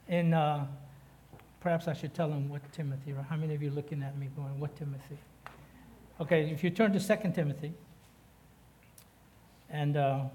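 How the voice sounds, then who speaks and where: A high-pitched man preaching to a congregation. He mixes playful asides and banter with the people in the pews, then climbs higher and louder as he drives home the scripture. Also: slight background noise. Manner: jokey, chatty asides to the congregation; rises in pitch and force when preaching the text. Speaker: guest preacher. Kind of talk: sermon.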